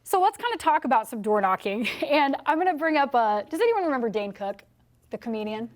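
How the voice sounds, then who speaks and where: A young woman sales trainer giving a motivational speech to a live audience, animated and profane, laughing often and acting out the people she quotes. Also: sits high, fairly quick.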